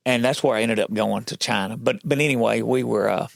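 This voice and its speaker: A man with a deeply gravelly, crackling voice at an ordinary pitch, chatting as a podcast guest. He tells his faith story in a folksy way and acts out what other people said to him. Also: brisk. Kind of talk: telling his faith story in casual chat.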